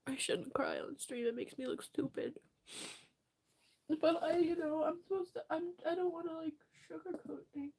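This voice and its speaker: A young woman livestreamer crying as she talks, apologizing and answering her chat in halting bursts. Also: extremely high pitch, steady tone, darkish tone.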